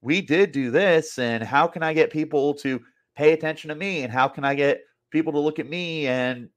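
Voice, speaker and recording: A man mimicking a self-important male former football coach in a whiny, drawn-out mocking tone. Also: on the high side, muffled recording, natural voice.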